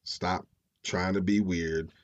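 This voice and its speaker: A man's voice: low voice, steady tone, slow, lo-fi sound. A man voicing a fed-up young woman who scolds in blunt, profane slang. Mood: angry scolding.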